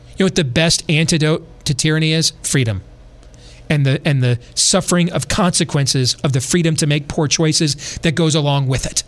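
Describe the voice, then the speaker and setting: This podcast host is a middle-aged man whose voice sits high with a fairly bright tone. He launches into fervent, sermonizing political commentary, firing off one rhetorical question after another.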